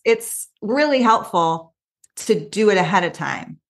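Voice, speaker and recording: A woman coach, a guest on an interview podcast, telling stories in a quick, animated way with lots of asides. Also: fairly low pitch, gravelly. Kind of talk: casual interview chat.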